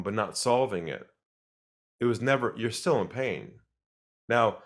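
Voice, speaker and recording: A man with a lowish voice is interviewed as a sales expert. He speaks calmly and deliberately, acting out the people he quotes.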